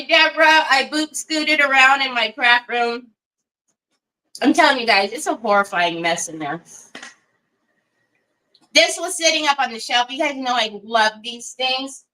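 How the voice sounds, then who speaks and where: Woman, livestream craft host, casual chat, sharp bright tone, laughs a lot, self-teasing. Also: high voice, poor audio. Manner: chatty, greets viewers by name, laughs often; self-deprecating and giggly.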